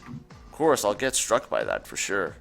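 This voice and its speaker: A man's voice: lowish voice, huge pitch swings, measured pace, creaky, fairly bright tone, soft background music. A young man co-hosting a casual chat, joking and laughing often. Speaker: podcast co-host.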